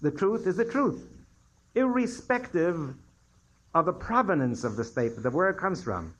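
Older rabbi lecturing with emphatic rises. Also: male voice, sits high, sing-song, moderate pace, rough recording. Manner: digressive storyteller, emphatic rises on key points. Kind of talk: lecture with questions from audience.

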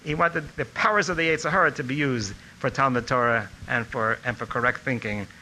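An older man telling animated stories about a teacher from his student days. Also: mid-range voice, brisk, a little hiss or hum, rough recording. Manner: animated storytelling, acting out quotes. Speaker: speaker recalling a teacher. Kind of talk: anecdotal reminiscence.

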